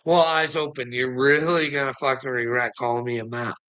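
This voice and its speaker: A man's voice: mid-range voice, steady tone, a little fast, pushed and bright, clean tone, low-quality recording. A man rambling casually to his livestream chat, swearing a lot and chuckling often between phrases. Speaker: livestream host talking to chat.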